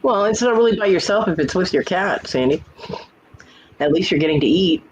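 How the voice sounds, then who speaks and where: A man's voice: high voice, animated, brisk, dull audio, a little hiss or hum. A man hosting a casual livestream chat from home, telling blunt, profane stories. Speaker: livestream host.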